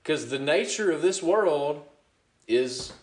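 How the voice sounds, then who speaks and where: Lively preacher, chuckling often. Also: male voice, fairly high pitch, slow, reverberant. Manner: conversational preaching with frequent chuckles and "you know what?". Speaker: pastor. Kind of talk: sermon.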